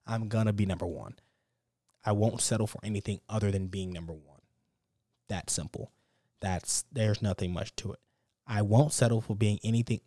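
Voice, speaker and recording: With a lowish, mellow voice and fairly even intonation, a young solo podcaster talks fairly quickly into a close mic with no echo. His casual monologue is heartfelt and unscripted, upbeat and motivational, and rather repetitive.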